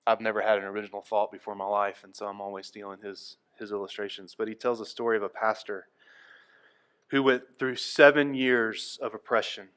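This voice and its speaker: A male pastor delivering a sermon, moving between quiet, hushed passages and loud, emphatic ones. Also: fairly low pitch, steady tone, brisk, smooth. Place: church.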